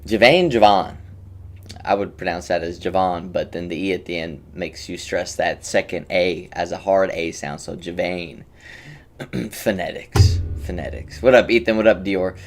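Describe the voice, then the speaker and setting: A man's voice: deep voice, moderate pace, soft background music. A young man streaming and coaching a game, chatting casually with his viewers, rambling and joking as he greets them by name. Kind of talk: casual livestream chat.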